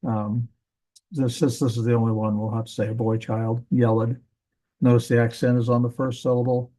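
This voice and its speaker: Mellow-voiced man teaching Hebrew grammar. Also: medium pitch, little pitch movement, a little fast, rough recording. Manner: casual, thinking aloud with self-corrections. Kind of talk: classroom grammar lesson.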